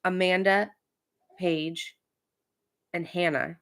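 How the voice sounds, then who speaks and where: A woman's voice: on the low side, fairly even intonation, takes it slowly, fairly bright tone. A woman in her thirties casually recapping a reality show as podcast host, chatty and opinionated with many fillers.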